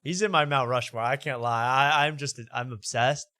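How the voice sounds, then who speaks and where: A male host rambles and jokes through casual banter, laughing often. His pitch sits at an ordinary middle. The sound is close and dry. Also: fairly even intonation, moderate pace, bright, forceful tone, no echo. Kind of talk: casual comedic talk show banter.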